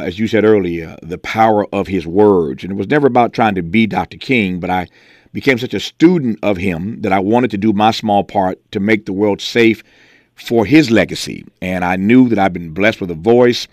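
A man hosting a radio talk show in a studio, earnest and measured, with reflective personal asides. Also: on the low side, dry recording. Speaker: radio host. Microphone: studio mic.

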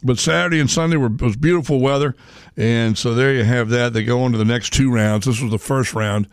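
A man's voice: medium pitch, brisk, clear, resonant tone, no echo, studio quality. A middle-aged man hosting a casual sports talk radio show, rambling with lots of fillers and asides. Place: radio studio. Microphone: studio microphone.

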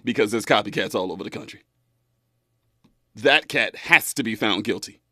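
A man in his twenties hosting a talk radio show, animated and folksy, laughing often. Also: on the low side, moderate pace, no room sound, studio quality. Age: 20s.

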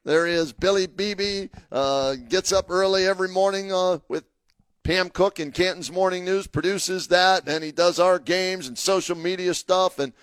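A man co-hosting a local sports radio show, his voice pitched high and recorded dry and close. He talks in an upbeat, rambling way, full of promotions and fillers. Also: steady tone, normal speed, clean tone, dry recording. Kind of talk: casual radio talk.

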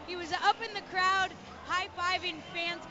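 A woman sideline reporter interviewing a player, brisk and direct. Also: very high-pitched, level tone. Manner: brisk, asks short direct questions. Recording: muffled broadcast with a cheering crowd.

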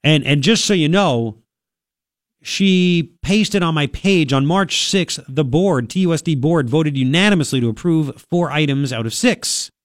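A man's voice: a little high, expressive, unhurried, no echo. Male talk radio host, sniffly from a cold, sarcastic asides, close dry studio mic. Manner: sarcastic, chatty, reads news aloud with asides. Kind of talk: casual talk radio commentary. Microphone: studio microphone.

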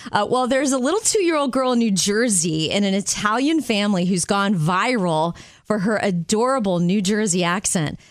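An upbeat woman co-hosts a radio show and tells stories in a chatty way. Her voice sits at a middling pitch. The studio sound is dry and close. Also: animated, normal speed, no echo. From Florida, US. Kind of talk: casual radio show chat.

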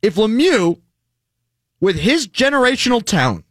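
A man hosting a casual sports talk show, animated and joking with his co-hosts. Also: high voice, measured pace, dry recording, studio quality. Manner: animated, jokey, mock impressions. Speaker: sports talk radio host.

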